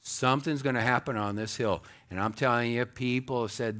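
A man preaching a sermon as pastor, animated, swinging between loud exclamations and hushed asides. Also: mid-range voice, moderate pace, hardly any pauses.

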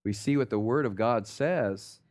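A man's voice: medium pitch, measured pace, darkish tone. A pastor preaching a sermon, talking casually and with slang, acting out the stories he tells.

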